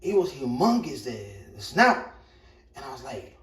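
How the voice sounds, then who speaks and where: A man's voice: mid-range voice, big pitch swings, moderate pace, fairly bright tone. A middle-aged man telling a rambling, profane story in a casual way while he cooks in his kitchen. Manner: rambling, profane, repeats himself. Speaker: vlogger. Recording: echoey room, mic far off.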